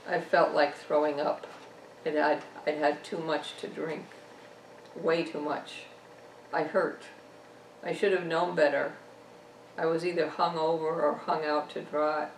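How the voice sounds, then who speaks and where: A woman author reading her own novel aloud, telling a first-person story at a measured pace. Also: low-pitched, little pitch movement, creaky, a little hiss or hum. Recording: echoey room, distant mic.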